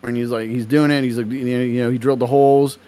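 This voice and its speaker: A man's voice: mid-range voice, flat delivery, quick pace, mellow, clear, resonant tone. Rambling, laughing male podcast host. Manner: rambling, laughing storyteller with many fillers. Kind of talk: casual podcast chat.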